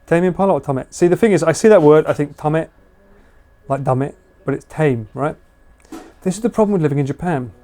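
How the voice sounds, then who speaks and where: A man's voice: a little high, lively intonation, quick pace, warm tone. A man casually chatting with viewers during a live stream, joking and laughing often. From United Kingdom. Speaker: livestreamer. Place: house.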